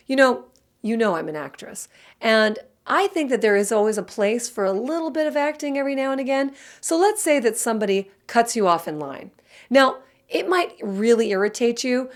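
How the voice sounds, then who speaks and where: A woman in a tips video, a communication coach talking straight to the viewer, chatty and expressive, acting out little scenes. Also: a little high. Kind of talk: direct-to-camera tips video.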